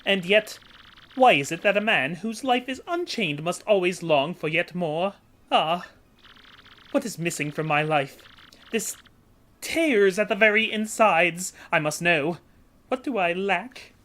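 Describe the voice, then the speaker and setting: A woman's voice: fairly low pitch, expressive, a little slow, fairly bright tone. A woman voicing a flamboyant, vain, wealthy male sea trader for a game playthrough, speaking in grand theatrical exclamations. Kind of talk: voicing game dialogue for a let's play.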